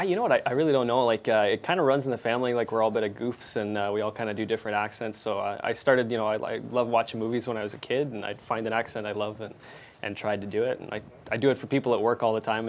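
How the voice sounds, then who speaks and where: A man talking fast and loosely over a remote link, laughing easily and peppering his answers with "uh" and "you know". A faint hum sits under his voice. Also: fairly low pitch, steady tone. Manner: laid-back, giggly, lots of "uh" and "you know". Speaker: interview guest, airline pilot. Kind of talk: casual remote interview. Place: remote interview link from another city.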